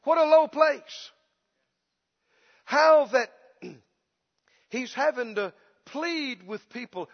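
A man preaching a sermon with passion, dropping into a soft pleading whimper to mimic beggars and rising to bold declarations. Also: very high-pitched, slow, pauses often. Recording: dull sound with long hall reverb.

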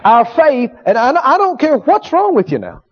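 A man's voice: very high voice, wildly swooping pitch, moderate pace, slightly rough. A man preaching a sermon on faith and healing, repeating key phrases with emphasis and asking the congregation for agreement. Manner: emphatic, repetitive, call-and-response with the congregation. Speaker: healing school teacher and preacher. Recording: dull lo-fi sound.

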